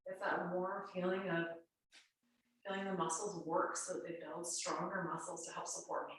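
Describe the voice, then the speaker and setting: A woman's voice: on the low side, little pitch movement, moderate pace, fairly bright tone. A woman instructor talks a home exercise class through each move in a chatty, reassuring way, her voice congested and nasal. She sounds set back from the camera mic, and the room rings with heavy echo. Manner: chatty, reassuring coaching cues. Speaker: fitness instructor. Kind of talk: guided home workout instruction. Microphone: camera mic at a distance. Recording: very echoey room, voice far from mic.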